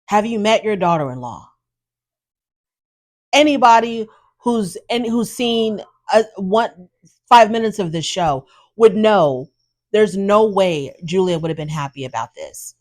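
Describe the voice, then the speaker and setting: A woman, hosting and giving opinionated, animated commentary on a show and acting out quotes in her own voice. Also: medium pitch, a little slow. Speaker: host recapping a reality show. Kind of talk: casual commentary.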